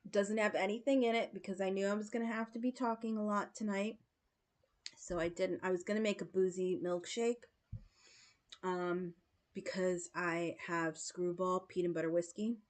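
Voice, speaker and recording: A woman's voice: mid-range voice, fairly even intonation, moderate pace, a little mellow. A woman in her late forties, chatting casually with her viewers as host of a livestream and telling stories with frequent laughs and fillers. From United States. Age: 40s. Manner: chatty storytelling, laughs often, many fillers.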